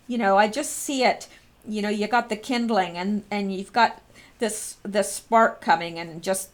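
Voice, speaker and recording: A woman vlogger talking casually and earnestly to her viewers, with frequent fillers and restarts. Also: mid-range voice. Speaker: vlogger commenting on politics. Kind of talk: casual spoken commentary to viewers.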